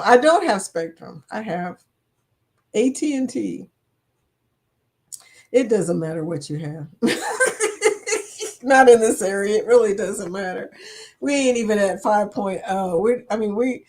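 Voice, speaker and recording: A woman hosting a casual livestream, chatting with her viewers and laughing often. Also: medium pitch. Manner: chatty, laughs often, talks to chat as y'all. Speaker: livestream host.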